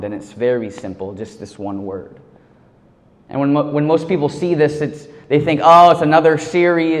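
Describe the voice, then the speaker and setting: A man giving a sermon, telling a story in a casual, animated way full of slang. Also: fairly high pitch. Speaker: youth pastor. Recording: long hall reverb.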